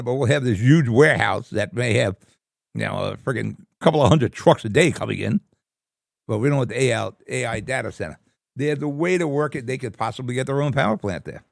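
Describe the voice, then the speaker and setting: A man's voice: mid-range voice, vocal fry, no echo, clean studio sound. A middle-aged man hosting a talk show, blunt and ranting, swearing freely. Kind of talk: casual talk show monologue.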